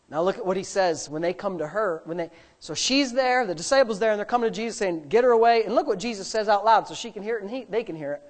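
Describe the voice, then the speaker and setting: A man preaching a sermon, swinging from low, hushed asides to high, shouted emphasis, with drawn-out emphatic phrases.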